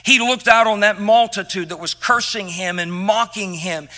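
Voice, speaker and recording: A man preaching a sermon as pastor, emphatic and impassioned, dropping quiet at tender moments. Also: high voice, moderate pace. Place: church sanctuary.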